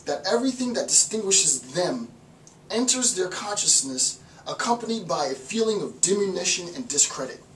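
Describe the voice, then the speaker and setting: A man giving an informal philosophy lecture, animated, repeating words and acting out little voices. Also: sits high, moderate pace, a little hiss or hum. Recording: roomy echo, mic far off.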